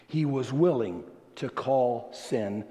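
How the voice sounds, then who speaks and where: A man preaching a sermon as pastor, slow and emphatic, dropping at times to soft, low tones. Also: long reverb tail.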